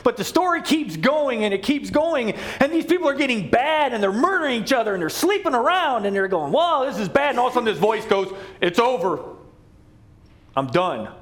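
A middle-aged man preaching from the pulpit with a high, lively voice that swings widely up and down. He tells the story playfully, with humorous asides and quick jokes. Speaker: pastor. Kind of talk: sermon.

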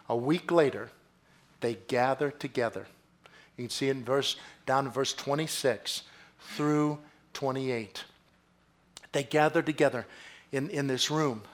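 A man preaching a sermon in a church, swinging from quiet, low phrases to loud, excited bursts. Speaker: pastor.

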